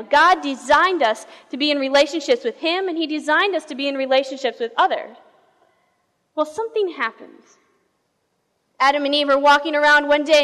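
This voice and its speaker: High-voiced woman pastor preaching. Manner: animated storytelling, shifting pace and volume. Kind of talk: sermon. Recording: reverberant hall.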